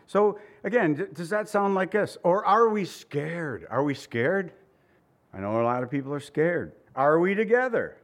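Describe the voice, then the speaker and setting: A man preaching to his congregation with a fairly high voice, speaking earnestly and conversationally. He sounds worn out and close to tears, laughing between his points as he presses his listeners. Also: lively intonation, normal speed. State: tired and near tears. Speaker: pastor. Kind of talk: sermon.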